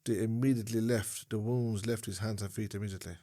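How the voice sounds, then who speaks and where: A man's voice: on the low side, steady tone, fast talker, mellow. A man of about fifty with an Irish accent, co-hosting a casual podcast chat and speaking about faith with earnest conviction. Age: 50s. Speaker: podcast co-host.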